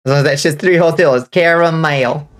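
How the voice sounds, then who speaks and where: A woman's voice: sits low, a little slow. Lisping woman with subtle Southern accent. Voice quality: slight lisp on S sounds. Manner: clear enunciation, swears and laughs often. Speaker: vtuber streamer. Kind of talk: casual gaming commentary.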